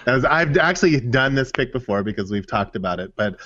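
A man co-hosting a podcast who chats in a relaxed, casual way. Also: medium pitch, fairly quick, dry recording. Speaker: podcast co-host. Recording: dry, dull lo-fi audio.

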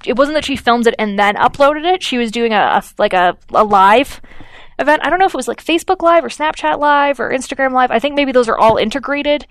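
A woman's voice: on the high side, no room sound. A woman co-hosting a podcast, telling a story in a chatty way with lots of fillers and acted-out quotes. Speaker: podcast co-host. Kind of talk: casual chat.

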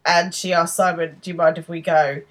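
A woman's voice: on the low side, fairly even intonation, brisk. Woman recapping a show. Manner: retells scenes with quoted lines, laughs often. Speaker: podcast co-host. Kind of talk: casual chat recapping a TV episode.

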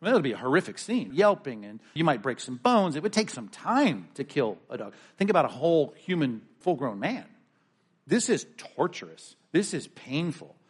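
Man preaching an animated sermon. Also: on the high side, moderate pace, slightly rough. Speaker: pastor.

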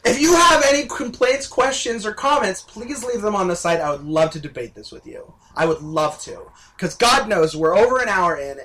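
A man's voice: sits high, bright, forceful tone. A man co-hosting a fan podcast, talking casually and working himself into a heated, swearing rant. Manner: heated, ranting, swears freely. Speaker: podcast co-host.

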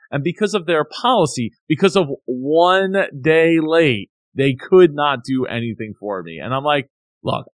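Brief: male co-host, lively complaining storyteller, dry recording. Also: medium pitch, no echo. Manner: animated, ranting, mock-quoting others. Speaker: podcast co-host. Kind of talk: casual chat, telling a complaint story.

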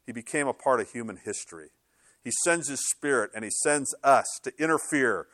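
A middle-aged male pastor preaching a sermon in an animated, conversational way, slipping into sarcastic quoted asides. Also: medium pitch, fairly quick, no echo, clean studio sound.

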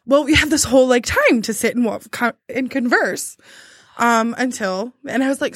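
A woman's voice: fairly high pitch, normal speed, slightly rough, no room sound, clean studio sound. A young woman telling a rambling story in casual chat, laughing often and restarting her sentences.

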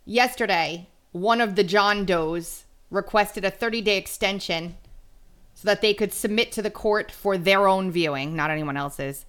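A woman hosting a solo podcast, talking in a chatty, blunt way with quick asides. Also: medium pitch, fairly bright tone, clean tone. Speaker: podcast host. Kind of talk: casual solo podcast commentary.

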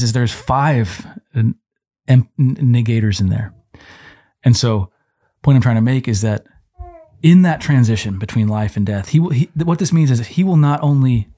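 A man's voice: medium pitch, dark tone, no echo, clean studio sound. A man co-hosting a Christian parenting podcast, explaining Bible passages in a conversational teaching way, with frequent restarts. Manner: explanatory, quotes scripture, many restarts.

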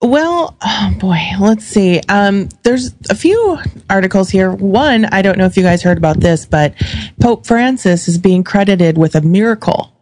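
A woman guest on a talk show, chatty and quick to laugh. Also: medium pitch, animated, a little mellow, no room sound. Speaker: guest co-host. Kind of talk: casual chat.

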